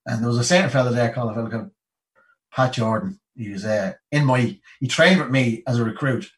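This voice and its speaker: A man's voice: mid-range voice, fairly quick, recorded from a distance, rough recording. Irish man telling a story, a bit off-mic. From Ireland. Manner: lively anecdote-telling, acts out the people he quotes, many "you know"s. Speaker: guest. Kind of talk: casual storytelling.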